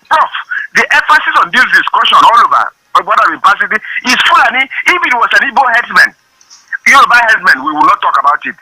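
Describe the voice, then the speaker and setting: A man's voice: high-pitched, very animated, quick pace, pushed and bright, no room sound, rough recording. A man calling in by phone, making an emphatic, repetitive, insistent point. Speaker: phone-in caller. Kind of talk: call-in comment. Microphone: phone line.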